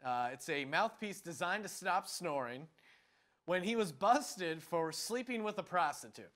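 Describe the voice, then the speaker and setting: A man's voice: high-pitched, animated, measured pace, a bit bright. A man hosting a comedy quiz show, playful and laughing often as he jokes with his panel. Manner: playful, laughs often, acts out silly bits.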